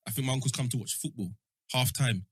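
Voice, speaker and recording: A man's voice: mid-range voice, fast talker, husky, no echo. A man telling a funny story to friends in casual chat, acting out the voices in it. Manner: animated, acts out quoted voices. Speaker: podcast co-host.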